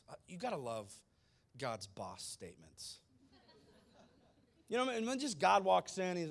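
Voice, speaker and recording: A male preacher giving an animated, conversational sermon with slangy asides. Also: fairly high pitch, normal speed, long pauses.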